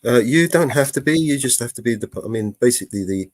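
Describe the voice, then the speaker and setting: A man making a records request over the phone, halting and insistent, with many restarts. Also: mid-range voice, lively intonation, dry recording. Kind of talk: phone call.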